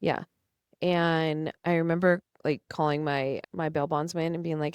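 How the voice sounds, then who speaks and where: Low-voiced woman telling her story. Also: flat delivery, unhurried, clear, resonant tone, no room sound. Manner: earnest, emotional, acts out past dialogue. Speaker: podcast guest. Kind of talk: emotional personal storytelling. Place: studio.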